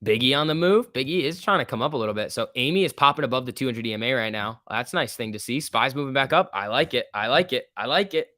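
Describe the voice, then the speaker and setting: A man's voice: mid-range voice, fast, hardly any pauses, sharp tone, no echo, clean studio sound. A man hosting a stock trading livestream, talking casually about the market and answering viewer questions in a loose, filler-heavy way. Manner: loose and chatty, with many fillers like "like" and "um"; reads viewer questions aloud and answers them. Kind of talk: casual live market commentary, answering chat.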